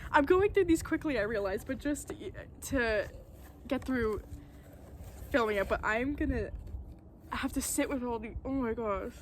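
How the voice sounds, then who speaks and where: A woman vlogger unboxing tarot decks outdoors, gasping and halting, overwhelmed with delight. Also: a little high, animated, slight background noise. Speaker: vlogger opening tarot mail. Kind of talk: casual unboxing chat. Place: outdoors at a table on a windy day.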